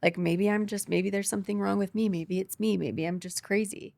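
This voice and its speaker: Woman, young adult, podcast guest, emotional storytelling, gravelly, dry close mic. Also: medium pitch, steady tone, darkish tone, no echo. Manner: quick, tearful retelling with quoted dialogue.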